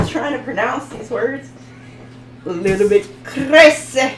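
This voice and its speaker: A woman's voice: medium pitch, animated, slow, a bit bright, soft background music, poor audio. A woman hosting a casual live tarot reading, chatting with viewers, laughing often and stumbling over foreign words. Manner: talks to viewers in the chat.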